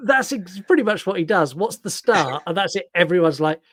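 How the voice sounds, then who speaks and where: A man with a London accent co-hosting a film podcast, retelling scenes with lively acted-out quotes and casual swearing. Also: high voice, fairly quick, no room sound, clean studio sound. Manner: animated storyteller, acts out quotes, swears casually. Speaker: podcast co-host. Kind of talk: casual film review chat.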